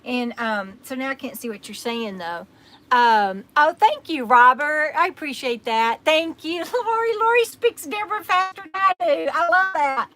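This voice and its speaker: A Texan woman hosting a live stream chats in a rambling way, thanking viewers by name while tired and recovering from an illness. Her voice sits high and is bright and forceful, animated, at normal speed. The recording is rough.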